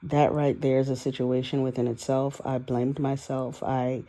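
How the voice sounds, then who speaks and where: A woman's voice: very deep voice, level tone, moderate pace, mellow. A woman in her forties rambling candidly and emotionally through a personal audio diary, swearing now and then. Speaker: vlogger. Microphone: voice-only recording, no video.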